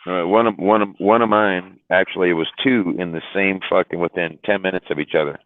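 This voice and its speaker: A man's voice: fairly even intonation, a little fast, no room sound. A man, a truck driver, telling a story in casual chat, swearing and repeating words as he goes. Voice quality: deep, drawling, repeats words while telling. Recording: dry tinny phone-like line.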